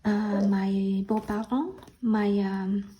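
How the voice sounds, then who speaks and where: A woman hosting a casual vlog, talking slowly and hesitantly with many ums and restarts. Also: mid-range voice, steady tone, dark tone, dull audio. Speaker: art channel host. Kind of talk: casual show-and-tell vlog. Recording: faint background noise.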